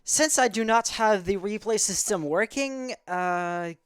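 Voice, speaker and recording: Smooth-voiced male esports caster. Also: high-pitched, unhurried, fairly bright tone, dry recording, studio quality. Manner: rambling, self-correcting, chatty. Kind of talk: casual game commentary.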